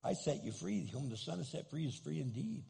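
A male pastor preaching a sermon with a husky voice, animated and playful, acting out grumpy people in comic asides. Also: a little high, a little fast. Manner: animated, acts out angry churchgoers in comic asides.

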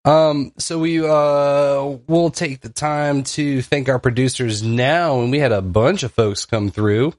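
A man co-hosting a casual podcast, talking haltingly with lots of fillers while he sorts out the tech. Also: medium pitch, no echo, clean studio sound. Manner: hesitant, many fillers while fiddling with tech. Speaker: podcast co-host.

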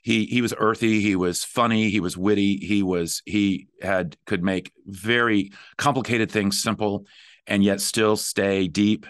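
A middle-aged man hosting a podcast, talking in a relaxed way with fillers and restarts. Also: fairly low pitch, unhurried, no echo, studio quality. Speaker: podcast host. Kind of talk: conversational podcast talk.

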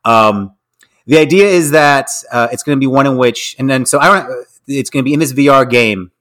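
A man's voice: mid-range voice, a little fast, a bit bright. A man co-hosting a podcast, reading out the news in a rambling, hedging way with many restarts. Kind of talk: casual podcast chat.

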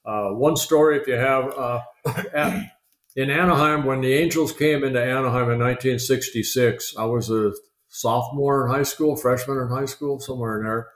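An older man, a retired pitcher, telling chatty, rambling stories in a podcast interview, full of fillers and restarts. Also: steady tone, normal speed. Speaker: guest, retired baseball pitcher. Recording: roomy echo.

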